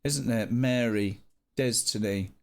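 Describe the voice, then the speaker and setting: A man chatting casually with viewers on a live stream, playful and animated, breaking into sing-song greetings. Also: medium pitch, takes it slowly, vocal fry.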